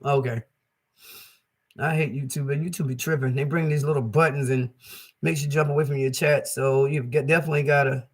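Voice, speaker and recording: Hoarse older woman, off-mic. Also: a bass voice, fairly even intonation, a little fast. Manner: chatty, rambling, heartfelt, talks straight to chat. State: hoarse, congested throat. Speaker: livestream cooking host. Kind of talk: casual livestream chat to viewers. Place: home kitchen. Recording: voice distant from the mic.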